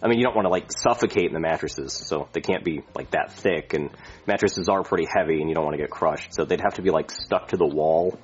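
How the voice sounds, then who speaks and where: A man's voice: very deep voice, fast. A man voicing a reckless, boastful airline pilot in a comedy sketch, who talks crudely and rambles. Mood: rambling. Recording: muffled lo-fi audio.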